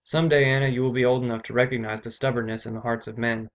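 A man's voice: medium pitch, flat delivery, fast, lightly acted. A man doing a stern old earl. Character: stern noble father, an earl, commanding.

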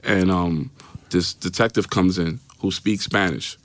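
A New York-accented man, a guest in a podcast studio, recounts a personal story during an interview in a loose, repetitive way, acting out the voices of the people in it and repeatedly saying "right?". His voice is low and his pace measured. The studio mic recording has no echo.

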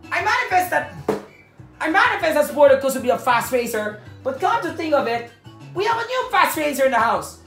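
A woman commentating her racing game play, excitable, swearing and yelping. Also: high-pitched, brisk. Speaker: gaming channel host. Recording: roomy, distant from mic. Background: game music.

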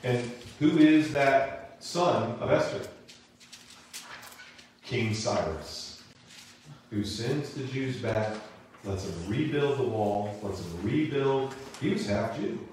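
A man teaching a Bible class in a church, retelling a story in an animated, casual way, recorded in an echoey room from a distant mic. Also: mid-range voice, takes it slowly, long pauses, a little hiss or hum. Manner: animated, casual, acts out characters. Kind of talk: lively storytelling lesson.

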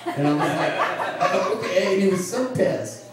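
A man's voice: fairly high pitch, animated, brisk. Rambling profane man telling a story. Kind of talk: live storytelling on stage. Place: bar venue with audience. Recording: echoey room, distant mic, crowd noise.

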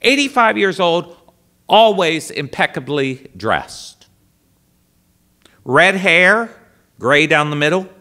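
Lively, unhurried male storyteller. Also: a little high. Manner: animated anecdotal storyteller. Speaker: priest, guest speaker. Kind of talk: storytelling talk to an audience.

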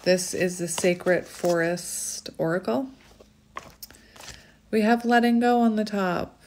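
A woman doing a casual oracle card reading, gushing softly over cards and reading their text aloud. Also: mid-range voice, flat delivery, slow, noisy background. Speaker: tarot reader.

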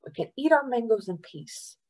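A woman's voice: a little high, lively intonation, moderate pace, darkish tone, pitched above the performer's own voice, low-quality recording. A woman reading aloud, voicing a wisecracking, wary boy who grumbles sarcastically. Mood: grumbling.

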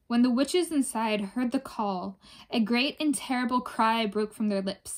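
A woman reading a folk tale aloud in a measured storytelling manner. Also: a little high. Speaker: reader.

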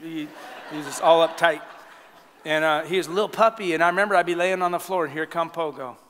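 Animated preaching man, bright voice. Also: on the high side, quick pace. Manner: animated storytelling, laughing at his own stories. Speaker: pastor. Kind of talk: sermon. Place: church sanctuary. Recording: long church hall reverb.

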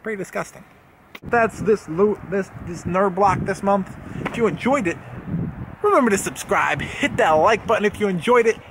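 Young male vlogger, casual unboxing chat, rambling and jokey, slightly high pitch. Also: a bit bright, slight background noise. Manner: rambling, jokey, self-correcting.

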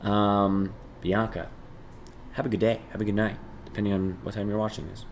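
A man's voice: normal speed, slight background noise. Chatty young man streaming live. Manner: reads chat aloud, thanks gifters, jumps between loud excitement and low mumbling. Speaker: livestreamer. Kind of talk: casual live stream chat.

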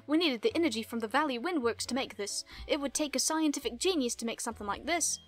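A woman voicing a hot-headed, loud male villain grunt. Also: high voice, lively intonation, quick pace, soft background music. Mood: blustering.

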